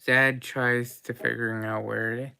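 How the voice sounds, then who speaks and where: A woman running a tabletop game as game master, narrating the party's dice rolls and actions in a halting way with frequent pauses. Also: a bass voice, little pitch movement, creaky, sharp tone, smooth.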